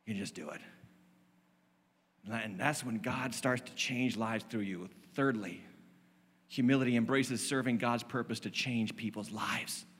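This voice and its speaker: Forceful preaching man in a hall. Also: medium pitch, a little slow, breathy edge. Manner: impassioned preaching, emphatic repetition. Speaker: lead pastor. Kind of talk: sermon. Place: church stage. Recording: long reverb of a large hall.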